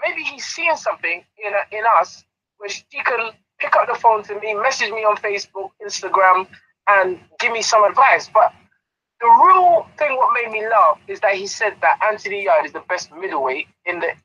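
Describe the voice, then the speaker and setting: A man, a boxing trainer chatting in an interview, animated and often laughing as he tells a story. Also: high-pitched, moderate pace, lo-fi sound. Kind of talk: casual interview chat.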